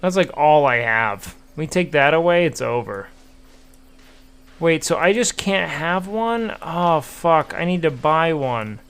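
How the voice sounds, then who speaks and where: A man's voice: fairly high pitch, animated, slow pace, fairly bright tone, smooth. A young man streaming a game, chatting to viewers casually with profane, playful trash talk. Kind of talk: casual gameplay commentary.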